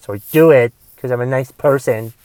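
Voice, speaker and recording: A man's voice: medium pitch, a little fast, mellow, no room sound. A young man hosting a solo podcast, ranting in a casual, rambling way with restarts and swearing. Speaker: podcast host.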